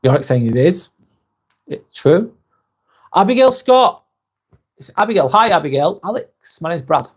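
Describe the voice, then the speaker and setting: A man's voice: sits high, sing-song, measured pace, pauses often, husky. An English man hosting a live vlog, chatting casually, reading out viewer comments, blunt and swearing freely.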